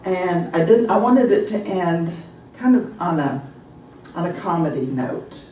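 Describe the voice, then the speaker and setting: A woman's voice: on the low side, unhurried, distant mic, slight background noise. An American woman teaching a pronunciation class, telling anecdotes and acting out example phrases. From United States. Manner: animated storytelling, acts out example phrases. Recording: echoey room, recorded from afar.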